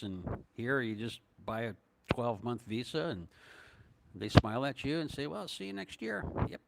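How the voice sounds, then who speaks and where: An older man from northern Minnesota answering viewers' questions in a casual live stream, rambling and hesitant with many fillers and chuckles. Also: lowish voice. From northern Minnesota, USA. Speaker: vlogger answering live chat.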